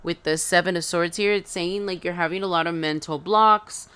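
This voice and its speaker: Woman tarot reader, near tears, halting delivery; smooth voice, a bit low. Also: fairly even intonation, fairly bright tone. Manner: halting, filler-heavy, emotional, addresses viewers as guys. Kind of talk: intuitive tarot reading to camera.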